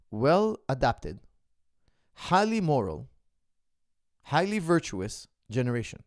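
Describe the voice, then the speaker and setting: A man's voice: mid-range voice, animated, moderate pace, vocal fry, darkish tone, dry recording, studio quality. A middle-aged man, a martial arts coach, answering viewer questions in an earnest, philosophical casual monologue. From the West.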